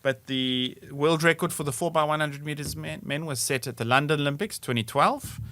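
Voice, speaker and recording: An easygoing man quizzes his co-host on a comedy trivia podcast and swears casually along the way. His voice is bright and forceful, at a middle pitch. The recording is close and dry. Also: a little fast, no echo. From South Africa.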